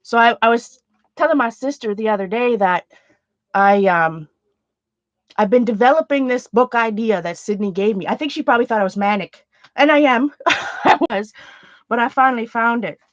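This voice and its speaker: A woman with a slightly high voice chats casually on a home livestream, earnest and rambling. The sound is dull and lo-fi. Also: normal speed, dry recording. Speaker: art channel host.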